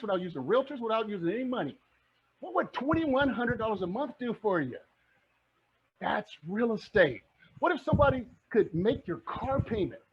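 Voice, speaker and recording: A middle-aged man teaching to camera as a coach, energetic and rallying, firing questions at his audience. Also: high-pitched, slight background noise. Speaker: real estate coach. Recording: dull lo-fi recording.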